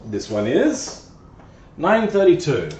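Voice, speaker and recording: With a fairly high, sing-song voice, a man takes his time chatting to himself on a live stream while working on a car, teasing himself playfully. The tone is a little mellow, and the garage or workshop recording, from a distant mic, is echoey and dull with a little hiss or hum.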